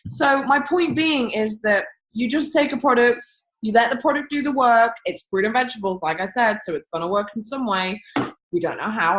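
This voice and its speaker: A young woman hosting a group call from home, giving a chatty, upbeat sales pitch with big leaps in pitch and playful asides. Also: fairly bright tone, reverberant, low-quality recording. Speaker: business team presenter on a group call. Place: home room, echoey. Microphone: computer or phone on a call.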